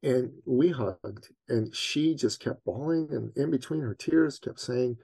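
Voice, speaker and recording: A man, a business coach, telling a personal story on a podcast in an earnest, animated way that leans on his faith. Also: mid-range voice, unhurried, gravelly, few pauses, breathy edge, no echo. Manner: animated storyteller, acts out his own panic.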